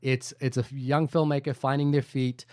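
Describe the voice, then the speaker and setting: A man co-hosting a film podcast, thinking aloud in long, looping sentences that stall on fillers and restarts. His voice sits at an average pitch, and the sound is dry and close, with little room around it. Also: level tone, a little mellow, clear, resonant tone, no echo. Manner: rambling, halting with many fillers. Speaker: co-host. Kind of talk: casual podcast chat.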